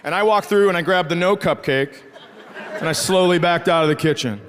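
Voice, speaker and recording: On a theater stage, a middle-aged man with a voice on the high side performs stand-up at a brisk pace. He tells sarcastic stories about his family and acts out its members, while the live recording picks up loud audience laughter and slight background noise.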